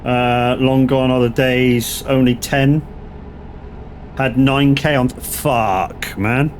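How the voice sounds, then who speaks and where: A man's voice: medium pitch, takes it slowly, a little hiss or hum. A man from Southwest England with a West Country accent, chatting casually on a game stream and answering viewers. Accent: West Country English. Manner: relaxed, reads chat aloud and answers. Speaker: gaming streamer. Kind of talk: casual live-stream chat.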